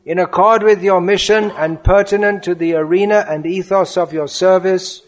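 High-voiced man reading a devotional offering. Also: steady tone, normal speed. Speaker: spiritual lecturer.

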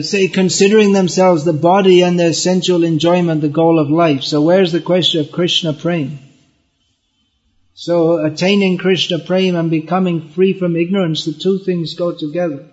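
A man's voice: on the high side, highs cut off. A man giving a devotional lecture in an earnest, explaining way, often repeating words as he goes. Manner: chants verses in Bengali. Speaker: spiritual teacher.

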